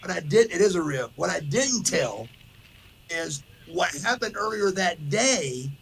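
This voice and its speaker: A man's voice: high voice, a little slow, creaky, a little hiss or hum. A man hosting a podcast, telling a rowdy story in casual chat and acting out the other people's lines as he goes. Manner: animated storyteller, says "brother", acts out quotes. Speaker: podcast host.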